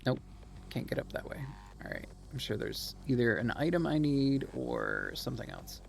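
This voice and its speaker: A man's voice: mid-range voice, wildly swooping pitch, moderate pace, gravelly. A man streaming a video game, chatting casually as he plays, laughing often and swearing now and then. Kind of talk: casual gameplay commentary.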